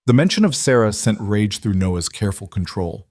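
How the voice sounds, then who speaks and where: A man narrates a thriller in a steady, even storytelling voice. His pitch sits on the low side. The recording is dry and close, with no room sound. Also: normal speed, few pauses, no echo. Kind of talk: scripted narration.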